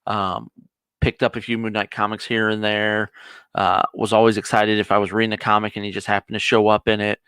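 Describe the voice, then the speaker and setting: A man's voice: fairly low pitch, level tone, brisk, fairly bright tone, smooth, dry recording. A man co-hosting a casual review chat, eagerly retelling a TV episode in a rambling way. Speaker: co-host of a nerd review show.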